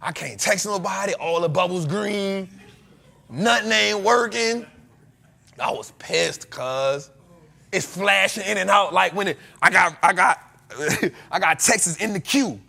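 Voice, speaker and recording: A man's voice: sits high, a little slow, creaky, pushed and bright. A man, the host of a show, telling a story in a casual, slangy way and laughing often. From United States.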